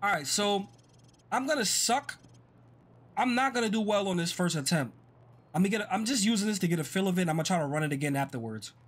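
A man giving casual, chatty commentary while playing a game, excitable and self-deprecating. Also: sits high, very fast. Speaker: gaming streamer.

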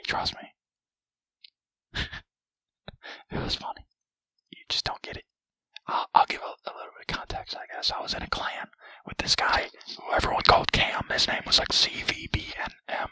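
A male gaming commentator whispers in character as a greedy, grumpy cartoon crab, grumbling through foul-mouthed, rambling, self-mocking remarks on his gameplay. His tone is bright and forceful at normal speed with long pauses, in a dry, echo-free but rough recording.

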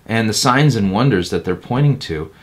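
A man's voice: on the low side, lively intonation, normal speed. A man who is a pastor, answering interview questions in a blunt, emphatic and critical way. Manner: emphatic and blunt, slipping into mocking quotes of others.

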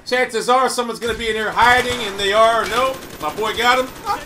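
A loud, hyper man giving boastful, trash-talking commentary over his gameplay. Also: extremely high pitch, fairly quick, noisy background. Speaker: gamer.

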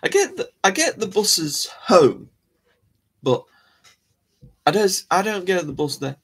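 Rambling male host, husky tone, casual and self-deprecating. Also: sits high, sing-song, slow pace. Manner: rambling, chatty, self-mocking. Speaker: live show host. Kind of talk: casual live-stream chat.

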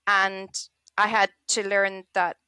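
Lively woman, dry sound. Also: mid-range voice, slow, smooth, no room sound. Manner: animated, acts out little quoted scenes. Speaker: interviewed author. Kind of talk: casual interview chat.

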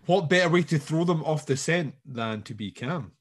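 A man's voice: a little high, lively intonation. A man co-hosting a podcast, joking and agreeing in casual chat about a horror series. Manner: quick agreeing interjections, joking asides. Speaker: podcast co-host.

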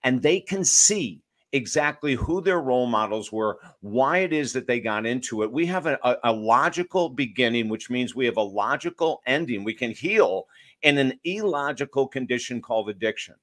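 His voice is mid-range and his pace moderate as this author and addiction counselor talks emphatically in a podcast interview. He tells stories to illustrate his points and throws in lively asides.

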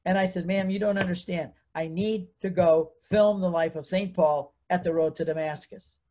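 Male guest, storyteller, acts out quoted voices, animated. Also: high voice, normal speed, a little hiss or hum.

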